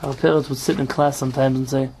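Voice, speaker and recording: A man's voice: medium pitch, little pitch movement, quick pace, creaky, warm tone, slight background noise. A man teaching an informal religious law class as rabbi, explaining with rhetorical questions and Hebrew terms.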